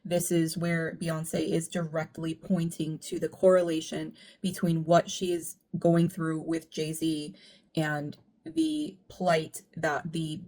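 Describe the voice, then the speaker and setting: A woman talking through her reading of an album in a casual, earnest, reflective way, speeding up when she gets animated. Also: low-pitched. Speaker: music commentary YouTuber. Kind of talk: casual analytical commentary.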